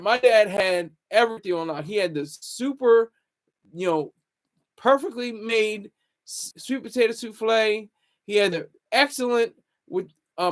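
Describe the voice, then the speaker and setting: A man hosting a casual livestream, rambling and talking back to viewer comments. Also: sits high. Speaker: livestream host.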